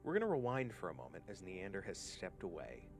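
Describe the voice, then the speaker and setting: A man's voice: low-pitched, wildly swooping pitch, brisk, vocal fry, soft background music. A man running a tabletop game as game master, narrating the scene in a descriptive way with some hesitant fillers.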